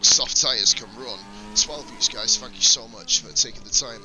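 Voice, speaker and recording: A man's voice: lowish voice, lively intonation, normal speed. A man from England with a slight lisp, giving blunt, sweary live commentary on a sim racing stream into a desk mic.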